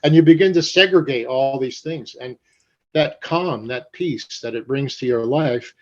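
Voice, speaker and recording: An older man from New Jersey telling stories in an interview, animated and profane, acting out the voices of people he quotes. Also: medium pitch, a little slow. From Paterson, New Jersey. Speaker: guest. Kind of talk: storytelling interview. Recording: dull lo-fi sound.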